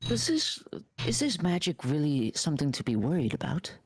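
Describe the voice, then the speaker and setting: A man's voice: on the high side, wildly swooping pitch, moderate pace, slightly rough, no echo, studio quality. A man, a player in a tabletop game, speaking in character in a hesitant, polite way. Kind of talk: tabletop role-play in character.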